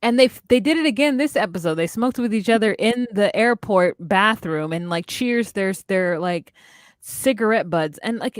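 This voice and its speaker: A woman co-hosting a podcast in casual chat, recapping a reality show with sassy, animated storytelling. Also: medium pitch, normal speed, no room sound, studio quality. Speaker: podcast co-host.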